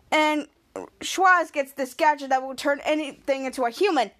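A woman's voice: high voice, normal speed, a bit bright. A woman podcast host recapping a TV episode in a chatty, rambling storytelling way.

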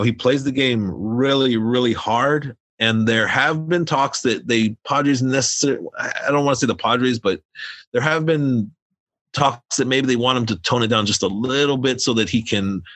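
A man hosting a casual sports chat, animated, chuckling and repeating words as he talks. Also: medium pitch, dry recording. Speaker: podcast host.

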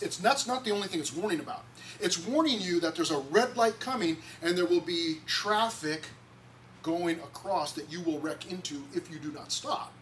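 A man's voice: high voice, a bit bright. A man preaching a conversational sermon to a church congregation, sometimes acting out quoted voices. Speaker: pastor. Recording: distant mic with faint noise.

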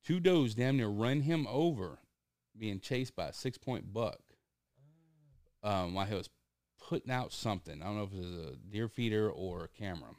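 A man's voice: moderate pace, no room sound, clean studio sound. A man, telling a hunting story in a casual chat and acting out the people he quotes. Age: 30s. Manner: animated storyteller, acts out quotes with big pitch jumps, laughs often.

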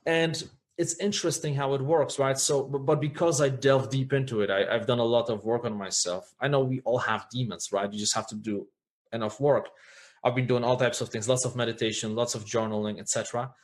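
A man's voice: mid-range voice, steady tone, brisk. A man speaking as a podcast guest, earnest and reflective, often checking in with "right?" as he talks. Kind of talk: candid podcast conversation.

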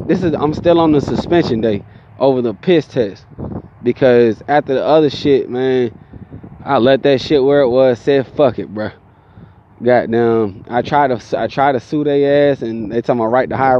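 A tired young man telling a profane, animated story in casual talk, inside a vehicle. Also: medium pitch, lo-fi sound, noisy background. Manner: profane, animated, mimics people in his stories.

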